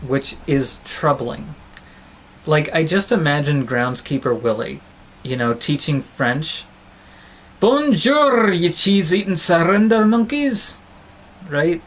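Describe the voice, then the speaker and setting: A man's voice: medium pitch, a bit bright, husky, poor audio. Rambling, chatty male film vlogger. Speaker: film reviewer. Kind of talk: casual film review vlog.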